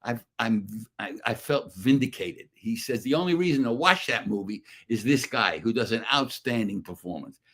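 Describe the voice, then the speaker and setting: An older man, an actor guest, telling animated, profane stories and acting out the quotes in casual chat. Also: medium pitch, moderate pace, hardly any pauses. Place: radio studio or remote call.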